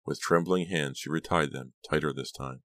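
A man narrating an audiobook in a steady, measured way. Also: extremely low pitch, no room sound. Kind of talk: scripted narration.

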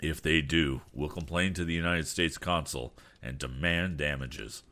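Casting: frail elderly father, weary but dignified, read by a man, low voice for a storybook. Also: a little slow, pushed and bright, full character voice.

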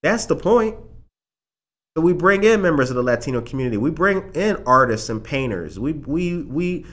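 A man's voice: a little high, big pitch swings, moderate pace. Emphatic male talk show host. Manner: emphatic, repeats phrases for punch, gives shout-outs. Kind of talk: casual live talk show.

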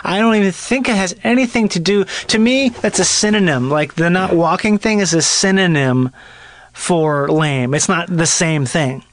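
A man with a notably high voice hosts a loose podcast conversation. He asks eager questions, stumbles, and restarts his sentences mid-thought. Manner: halting, restarts a lot, excitable questions. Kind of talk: casual podcast chat.

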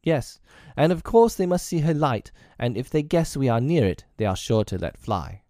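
A man's voice: mid-range voice, big pitch swings, moderate pace, warm tone, no echo, studio quality, pitched above the performer's own voice. A man reading aloud, voicing a proud, commanding boy leader with a clipped, lofty manner.

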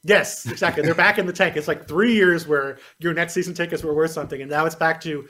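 A man's voice: a little high, steady tone, fast, pushed and bright. A man talking casually about basketball on a sports podcast, rambling and self-deprecating.

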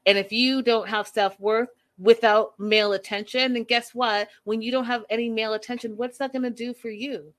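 A woman's voice: on the high side, steady tone, a little fast, few pauses. A woman hosting a reaction show in casual commentary, speaking emphatically and with exasperation, repeating her points.

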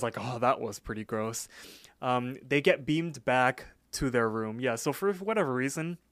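A man's voice: mid-range voice, fairly bright tone, smooth, dry recording. A young man co-hosting a podcast, casually retelling a cartoon episode with lots of "like" and acted-out quotes. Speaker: podcast co-host. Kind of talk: casual chat, episode recap.

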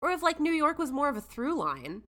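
A woman's voice: sits high, big pitch swings, brisk, fairly bright tone. A woman co-hosting a podcast, chatting casually with many fillers. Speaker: podcast co-host. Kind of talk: casual chat.

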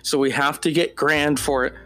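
A man hosting a casual solo podcast, talking in an animated, digressive way with mock-dramatic outbursts. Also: on the high side, moderate pace, faint music behind. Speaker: podcast host.

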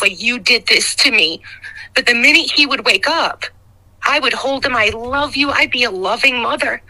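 A middle-aged woman giving a raw, emotional personal testimony as a guest, halting and recounting painful memories. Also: a little high, bright, forceful tone, low-quality recording.

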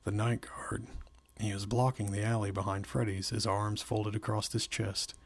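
A man narrating a novel aloud in a steady, measured way. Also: lowish voice, husky.

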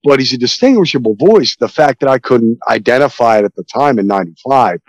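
A male podcast host in loose movie talk, rambling and excitable, cursing freely. His voice sits at an ordinary pitch, and the sound is dry and close. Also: a little fast, dry recording, low-quality recording. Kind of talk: casual movie podcast chat.

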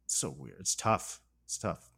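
A man's voice: sits low, a little slow, creaky, pushed and bright, slightly rough. A man co-hosting a podcast, chatting casually about a film and agreeing with and adding to his co-host's points. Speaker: podcast co-host.

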